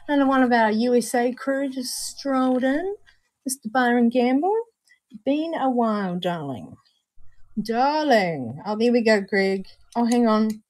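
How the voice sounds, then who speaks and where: A woman's voice: a little high, moderate pace, a little mellow, dry recording. A New Zealand woman co-hosting a casual livestream, chatty and bubbly, calling viewers darling and honey. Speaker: vape show co-host.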